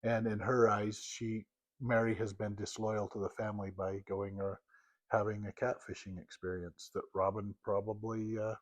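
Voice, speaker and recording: A man's voice: on the low side, little pitch movement, normal speed. A man co-hosting a podcast, chiming in with laid-back, hesitant commentary on a reality show. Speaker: podcast co-host.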